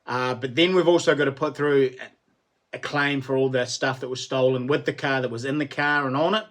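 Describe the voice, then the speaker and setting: A man's voice: mid-range voice, fairly even intonation, fairly quick, fairly bright tone. A middle-aged man with a New Zealand accent, hosting a casual livestream chat, greeting and thanking viewers by name and laughing often. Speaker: livestream host.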